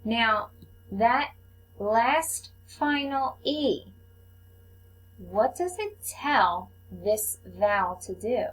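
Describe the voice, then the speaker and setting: A woman teaching a phonics lesson to young children, sounding out letters slowly and patiently. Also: fairly high pitch, expressive, a little hiss or hum, low-quality recording. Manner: slow, patient, clearly enunciated teacher talk.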